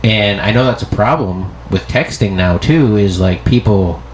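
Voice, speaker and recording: A man's voice: on the low side, measured pace, slight background noise. A man co-hosting a comedy podcast, chatting casually in a rambling, profane way with frequent restarts.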